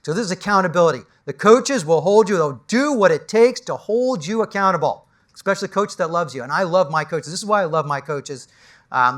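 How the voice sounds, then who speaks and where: Middle-aged New man, executive coach, animated motivational storyteller with a slightly higher voice, drops to a hush for the heavy parts. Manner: animated, storytelling, swings from loud to hushed. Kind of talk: motivational talk.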